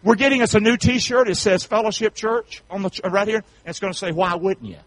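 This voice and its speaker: A North Carolina pastor with a Southern accent preaches a folksy sermon in a high-pitched, brisk voice, calling to the congregation for amens. He swings between shouts and soft asides. The recording is low quality and has no room sound.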